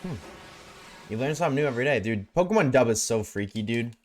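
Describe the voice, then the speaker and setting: A man's voice: medium pitch, lively intonation, fast talker, slight background noise. A man streaming a game and chatting casually with his viewers, laid-back and slangy, reading chat aloud.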